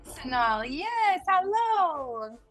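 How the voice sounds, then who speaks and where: A woman's voice: extremely high pitch, sing-song, extremely slow, faint music behind. A woman co-hosting a podcast, introducing and encouraging her guest in an easy conversational manner. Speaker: podcast co-host. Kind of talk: conversational interview.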